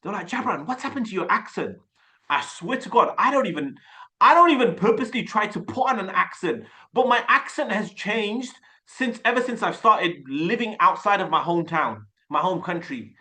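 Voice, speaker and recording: Upbeat, bright-voiced coach with a Brummie accent. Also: male voice, high-pitched, moderate pace. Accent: Birmingham English. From Birmingham, England. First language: Urdu. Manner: energetic, chatty, repeats and restarts words. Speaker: sales coach. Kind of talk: casual coaching on a video call. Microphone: desktop webcam mic.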